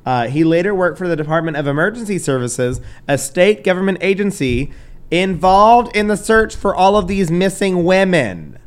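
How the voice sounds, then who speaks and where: A man's voice: sits high, lively intonation, normal speed. Casual, cursing male podcast host. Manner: loose, swearing, stumbles over names, laughs a lot. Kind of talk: casual true crime chat.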